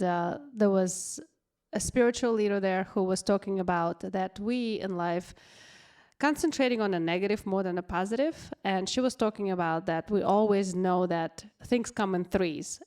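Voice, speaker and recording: A woman who grew up abroad co-hosts a relaxed podcast chat. She tells stories with lots of excitement and animation. Her phrasing is loose and non-native, and her voice sits at an ordinary middle pitch. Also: clean tone. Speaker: podcast co-host.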